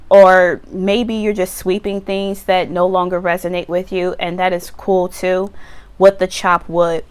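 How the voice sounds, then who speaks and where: A woman giving a casual tarot reading to camera outdoors, chatty and animated, now and then acting out the viewer's voice. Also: mid-range voice, clean tone. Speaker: tarot reader. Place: outdoors on a windy day. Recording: wind noise, slightly distant mic.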